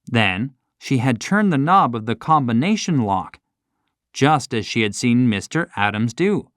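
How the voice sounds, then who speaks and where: A man narrating a classic short story for children in a slow, expressive scripted reading. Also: mid-range voice, no room sound, studio quality.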